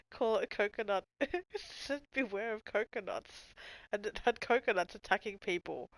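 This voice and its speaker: A woman's voice: mid-range voice, measured pace, fairly bright tone, no echo. A woman livestreaming, thinking aloud while searching, laughing a lot and swearing freely. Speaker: livestreamer reading chat. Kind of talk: casual livestream chat.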